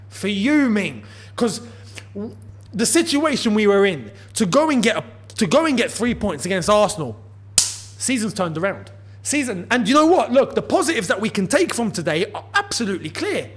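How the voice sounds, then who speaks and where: A man's voice: sits high, fairly bright tone, slightly rough. A man hosting a football channel, delivering an exasperated, emphatic post-match rant with lots of repetition.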